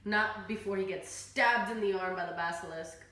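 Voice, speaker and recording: A tipsy woman in her twenties, hosting and retelling a story in a casual, animated, heavily profane way. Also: medium pitch, moderate pace. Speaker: host. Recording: echoey room with faint noise.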